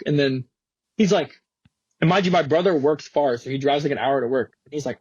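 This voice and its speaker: Husky young man telling a wild story. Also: fairly high pitch, quick pace, dry recording, lo-fi sound. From Florida. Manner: slangy, animated, swearing, many fillers. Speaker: interview guest, skater. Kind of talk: casual storytelling.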